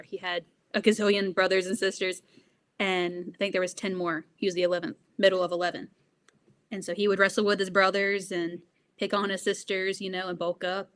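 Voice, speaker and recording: A woman's voice: fairly low pitch, a bit bright. Earnest young woman being interviewed. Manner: earnest, with frequent laughs and fillers. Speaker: guest. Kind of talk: interview conversation.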